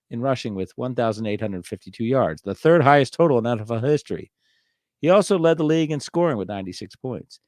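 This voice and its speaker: A man's voice: medium pitch, a little mellow, no echo, clean studio sound. A man hosting a casual solo show about old trading cards, reading the card text aloud and joking wryly in an offhand way. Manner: wry, offhand, reads card backs aloud. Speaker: host.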